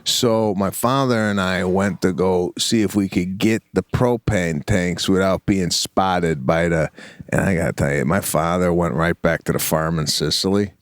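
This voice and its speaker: A man co-hosting a comedy podcast, telling an animated story, acting out quotes and laughing often. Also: deep voice, normal speed, clean tone, no room sound. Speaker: co-host.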